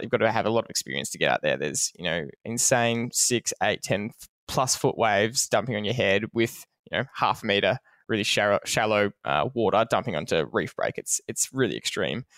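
A man hosting a podcast, telling a story in an animated, conversational way. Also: on the low side, brisk, no echo, clean studio sound. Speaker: podcast host.

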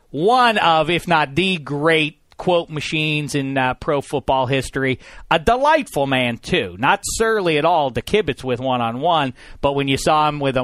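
Man, sports podcast host, jokey, self-mocking, mid-pitched voice, dry studio sound. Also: no room sound. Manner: jokey, self-mocking, swings between loud and quiet. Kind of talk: casual sports chat.

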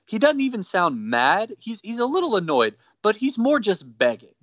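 Podcast co-host, male, lively storyteller, dry and slightly muffled sound. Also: high voice, moderate pace, no echo. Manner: animated storyteller, acts out quotes. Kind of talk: casual chat, recapping wrestling. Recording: dull dry close mic.

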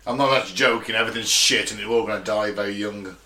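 A man's voice: lowish voice, fast, sharp tone. A British man co-hosting a casual podcast, joking and swearing as he reads out listener towns and tells a story. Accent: British English. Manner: sweary, joking, laughs often. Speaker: podcast co-host. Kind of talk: casual banter, reading listener locations. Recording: roomy echo.

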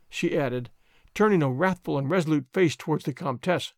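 A man reading a classic novel aloud in a measured, deliberate narration. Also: a little high, dry recording, clean studio sound.

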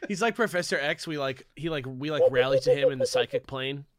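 A man's voice: fairly high pitch, huge pitch swings, normal speed, dry recording, clean studio sound. A man co-hosting a podcast in casual, jokey banter, riffing and laughing often. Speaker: podcast co-host. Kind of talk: casual comedic chat.

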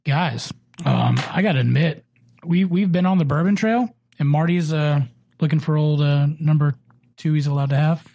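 A man hosting a casual podcast, friendly and chatty, often pausing with fillers. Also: on the high side, creaky, mellow, no room sound. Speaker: podcast host.

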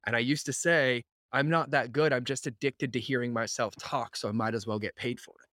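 Brief: male podcast host, average pitch, dry close sound, animated and emphatic, drops swear words. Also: fairly quick, dry recording. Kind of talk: casual chat.

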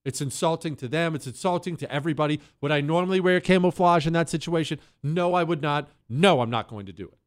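A man's voice: on the high side, fast talker, hardly any pauses, no echo. A man hosting a talk radio show, delivering an emphatic, opinionated monologue with sarcastic asides into a studio microphone.

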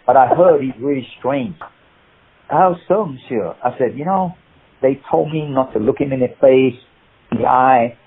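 An older British martial artist and actor tells lively anecdotes in an interview, imitating the people he quotes and laughing at his own tales. He speaks at a medium pitch and normal speed, his husky voice coming through a tinny, phone-like line.

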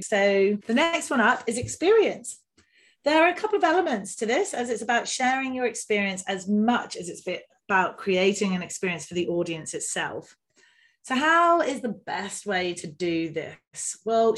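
A woman co-hosting a podcast, explaining business tips in a steady, agreeable way. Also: medium pitch. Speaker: podcast co-host. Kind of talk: casual podcast chat giving business tips.

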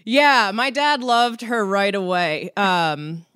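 A woman's voice: mid-range voice, lively intonation, takes it slowly, fairly bright tone, smooth, no echo, clean studio sound. A young woman from Connecticut telling a story in casual chat, rambling, laughing often, with many fillers and restarts. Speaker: guest.

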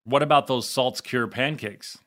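Chatty male podcast host, bright voice. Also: medium pitch, unhurried. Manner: chatty and rambling, with mock indignation. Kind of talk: casual podcast chat.

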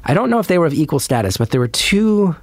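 A man's voice: fairly high pitch, sing-song, quick pace, dry recording. A man guesting on a podcast, telling a story in a casual, rambling, self-deprecating way.

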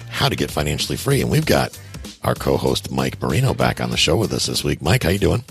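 A man with a very deep, gravelly voice hosting a podcast in a laid-back, chuckling way. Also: very animated, a little fast, faint music behind. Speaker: podcast host. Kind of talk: casual podcast chat.

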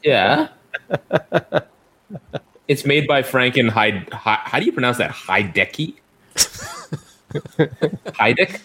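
A man in a casual group chat, curious and excitable, firing off questions. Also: mid-range voice, takes it slowly, long pauses, a little hiss or hum.

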